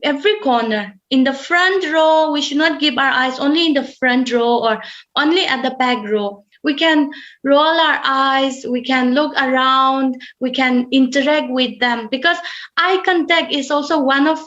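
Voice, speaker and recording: A high-pitched woman, teaching over a webinar. She speaks in a measured way, repeats her points and fills pauses with ums. The audio is somewhat muffled, as from a computer mic. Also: a bit bright. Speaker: webinar presenter. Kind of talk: online webinar talk. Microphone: computer mic on a video call.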